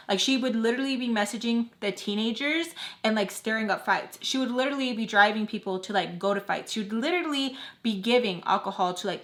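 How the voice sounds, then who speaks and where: A young woman telling a storytime on her own channel while doing her makeup, rambling with lots of fillers and animated quoted bursts. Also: medium pitch. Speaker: storytime vlogger. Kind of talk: casual storytime chat. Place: at home, doing makeup on camera.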